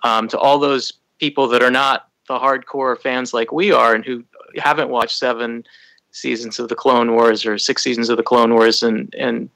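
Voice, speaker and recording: A man co-hosts a casual fan podcast, circling his point with fillers and restarts. His voice is bright and forceful, recorded dry and close with no room sound. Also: medium pitch, steady tone, normal speed, gravelly, dry recording, rough recording. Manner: rambling, many restarts and fillers. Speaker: podcast co-host.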